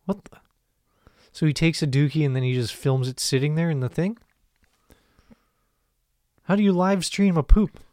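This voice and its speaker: A man co-hosting a comedy podcast, animated and quick to laugh in casual chat. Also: on the high side, dry recording, clean studio sound. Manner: animated, laughs often, excitable. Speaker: podcast co-host.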